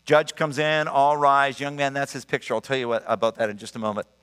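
A man in his sixties preaching a sermon, emphatic and animated, telling personal stories. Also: medium pitch, a little fast, clean tone. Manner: animated, emphatic, storytelling with laughs. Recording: long reverb of a large hall.

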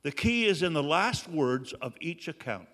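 A man preaching a sermon, earnest and slow, with dramatic pauses. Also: fairly high pitch, sing-song, a bit bright, in a large hall. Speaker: pastor.

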